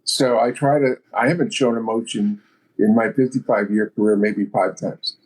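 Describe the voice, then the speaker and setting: A man's voice: fairly low pitch, fairly even intonation, moderate pace, darkish tone. A man in his seventies, a business guest in a podcast interview, speaking bluntly and matter-of-factly. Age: 70s. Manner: blunt, matter-of-fact storytelling. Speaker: guest entrepreneur.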